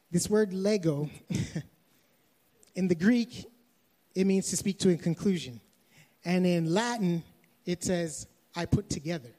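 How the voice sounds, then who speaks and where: A young adult man with a Canadian accent preaching a sermon, telling a story softly and then raising his voice to exhort. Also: high-pitched. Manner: storytelling, shifts from soft anecdote to raised preaching. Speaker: pastor.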